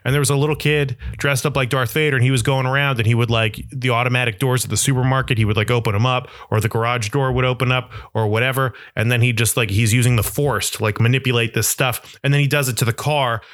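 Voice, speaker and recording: A man's voice: medium pitch, fairly even intonation, fast talker, few pauses, a bit bright, no room sound, clean studio sound. A young man in a casual comedic monologue, rambling and self-deprecating as he riffs into absurd bits.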